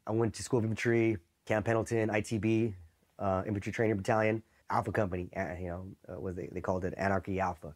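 A man's voice: lowish voice, flat delivery, fast. A man from East Los Angeles, a Marine veteran, telling stories in a casual, profane interview, loose and full of "you know" and "right?".

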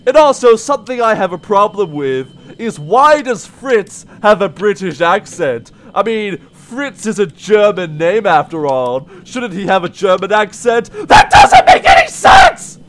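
A shrill, frantic puppet. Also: male voice, animated, a little slow, few pauses, background noise. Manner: shrieking and yelling, then sudden mumbles. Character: shrill frantic male puppet, jumpy and easily rattled. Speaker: let's play commentator. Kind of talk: in-character game commentary.

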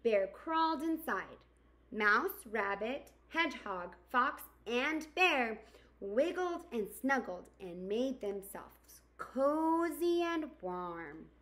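A woman teacher reading a picture book aloud to young children, expressive and asking her listeners questions. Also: a little high, takes it slowly. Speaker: kindergarten teacher. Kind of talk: storybook read-aloud for children.

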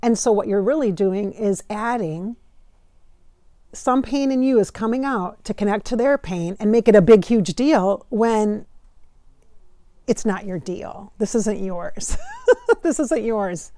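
A woman with a mellow, warm voice talks casually as a spiritual channeler and passes on messages as quotes. She is chatty and often stretches her words slowly for emphasis. The recording is close and dry. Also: mid-range voice, expressive, dry recording. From Minnesota, United States.

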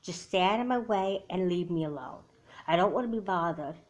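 A woman's voice: on the low side, animated, a little fast, lightly acted. A woman voicing a grumpy, resentful big-sister girl in a homemade doll movie, talking in a snappy, dismissive way. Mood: annoyed. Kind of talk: home doll-movie voice acting.

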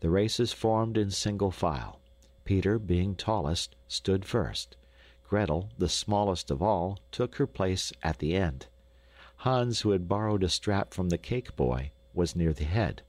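A man narrating a classic children's story for an audiobook in a lively, expressive way. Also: low voice, unhurried, no echo. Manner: lively, expressive, rising with excitement. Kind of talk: scripted narration. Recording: dry studio recording.

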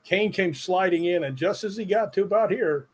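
Middle-aged man, husky and slightly high, lively anecdotal storyteller. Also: moderate pace. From Chicago, USA. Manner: animated anecdotes with acted-out quotes. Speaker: stuntman guest. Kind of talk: casual storytelling interview.

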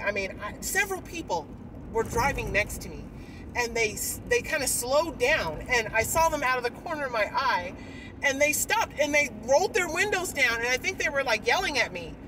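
A woman's voice: on the high side, recorded from a distance. Rambling woman vlogging over traffic noise. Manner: emotional, rambling, with sighs and frequent fillers. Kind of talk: candid personal vlog rant.

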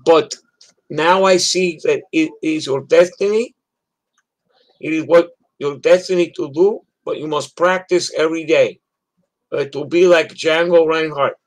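A man's voice: a little high, fairly even intonation, unhurried, pitched above the performer's own voice, close to an everyday voice, low-quality recording. A man voicing his stern older immigrant father, speaking in broken English. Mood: earnest urging.

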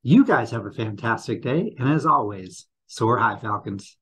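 Husky guy doing morning announcements, quizzing kids, upbeat. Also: mid-range voice, lively intonation, moderate pace, a bit bright. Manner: upbeat, quizzing the audience with questions. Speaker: school announcer. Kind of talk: morning announcement lesson for students.

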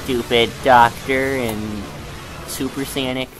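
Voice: medium pitch, steady tone, slow pace, music in the background, rough recording. A gamer giving jokey let's play commentary who keeps bursting into panicked screaming. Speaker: gameplay video creator.

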